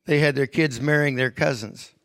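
A man preaching a sermon, emphatic, swinging between hushed stretches and raised, stressed lines. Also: medium pitch, moderate pace, no room sound.

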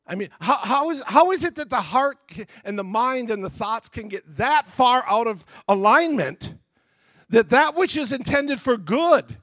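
A man's voice: high-pitched, no echo. A male pastor preaching a sermon, telling Bible stories animatedly and acting out their scenes. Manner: animated storytelling, acts out scenes.

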